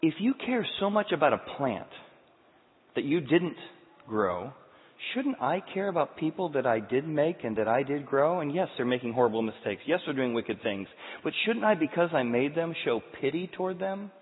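Animated male preacher in a hall. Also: on the high side, moderate pace. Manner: animated storytelling, shifts from loud to quiet. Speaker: pastor. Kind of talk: sermon. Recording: tinny sound, long hall reverb.

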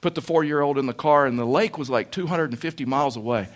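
A man's voice: medium pitch, fast talker. A man preaching a sermon as a pastor, telling stories in a folksy way and repeating phrases for emphasis.

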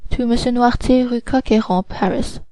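An earnest young sailor, voiced by a woman reading the story aloud, speaks in a raised, pleading voice. The tone is mellow and the recording dry and close. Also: a little high, moderate pace, no room sound, lightly acted, poor audio. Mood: joyful. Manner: pleading, heightened.

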